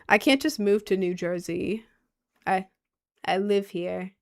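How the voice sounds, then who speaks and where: Excitable young woman chatting on stream. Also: mid-range voice, slow, gravelly, pauses often. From Maryland, United States. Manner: excitable, gushing, reads chat aloud. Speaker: live streamer. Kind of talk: casual live-stream chat.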